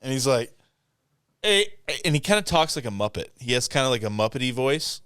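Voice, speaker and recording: A man's voice: mid-range voice, very animated, fairly quick, a bit bright, clean tone, no echo, studio quality. A man co-hosting a podcast, telling stories in casual chat, laughing and swearing a lot. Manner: laughing, profane storytelling. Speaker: podcast co-host.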